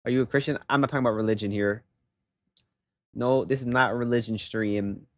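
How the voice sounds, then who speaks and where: A young man livestreaming, telling a story in animated, rambling casual chat, often saying "bro" and "okay?". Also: medium pitch, fairly quick, no echo.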